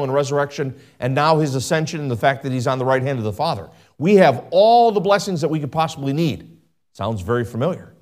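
A man preaching a sermon as pastor, asking his listeners frequent questions and swinging between loud emphatic lines and low quiet asides. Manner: asks the congregation frequent questions.

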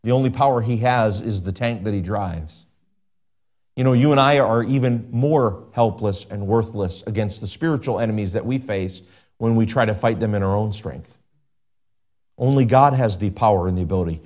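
A man preaching a sermon as a pastor, emphatic, with big pitch swings and repeated phrases. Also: moderate pace, darkish tone.

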